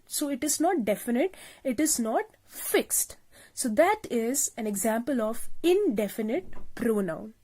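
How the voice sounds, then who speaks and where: A woman's voice: a little high, dark tone. A woman teacher giving a recorded grammar lesson, explaining step by step, repeating points and asking the class questions. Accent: South Asian English.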